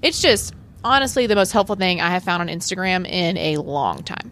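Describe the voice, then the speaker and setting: A woman's voice: on the low side, lively intonation, a little fast, fairly bright tone, a little hiss or hum. Earnest chatty woman on a podcast. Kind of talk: casual chat.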